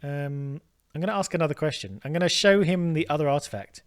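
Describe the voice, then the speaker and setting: A man's voice: on the high side, brisk. A man, casually thinking aloud while playing a game. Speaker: let's play host.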